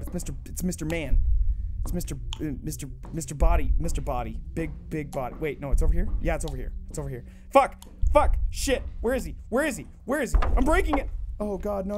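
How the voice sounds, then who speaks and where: A woman streaming a horror game, commenting nonstop in a panicky, swearing way that swings from low mutters to sudden screams. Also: darkish tone, slight background noise.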